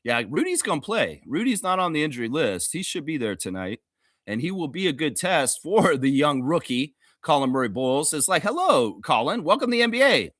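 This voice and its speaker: A man's voice: on the high side, very animated, a little fast, fairly bright tone, dry recording, clean studio sound. A man hosting a sports fan livestream, ranting heatedly and sarcastically with a lot of swearing, then easing into laughing, loose chat. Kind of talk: profane ranting fan commentary.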